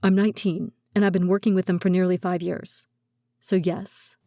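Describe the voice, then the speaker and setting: A cool, self-assured nineteen-year-old male spy recruiter, as a woman reads him in an audiobook, talking matter-of-factly with a mellow, warm tone. The sound is dry and close, with no room in it. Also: lowish voice, little pitch movement, normal speed, no echo, lightly acted. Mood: calm. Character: calm, confident teen male spy recruiter. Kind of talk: audiobook character voice.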